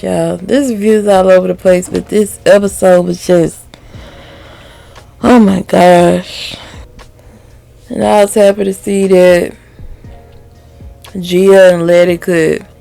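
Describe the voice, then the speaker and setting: A woman's voice: on the low side, creaky, warm tone. A woman reviewing a TV episode to camera in a candid, heated, profane way, laughing often. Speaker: TV show reviewer. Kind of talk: casual video review.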